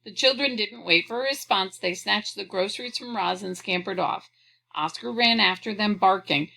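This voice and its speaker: A woman reading a children's storybook aloud, clearly and expressively. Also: mid-range voice, normal speed, pushed and bright, poor audio. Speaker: audiobook reader.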